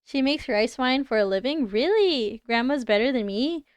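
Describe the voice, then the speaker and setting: A woman's voice: high-pitched, animated, normal speed, clear, resonant tone, dry recording. A young woman with a Canadian accent, chatting casually and giggling as she reacts to viewers on a livestream. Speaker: livestreamer reviewing design work.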